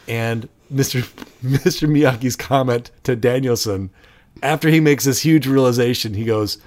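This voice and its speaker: With medium pitch and normal speed, a middle-aged podcast co-host talks casually. He's an animated storyteller who acts out quotes from movies.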